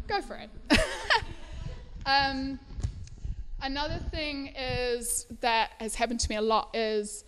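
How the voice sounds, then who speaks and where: Chatty woman with a higher voice. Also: fairly bright tone, a little hiss or hum. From South Africa. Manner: chatty, laughing often, many fillers. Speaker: speaker at a storytelling event. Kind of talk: personal talk to a live audience. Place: indoor event venue.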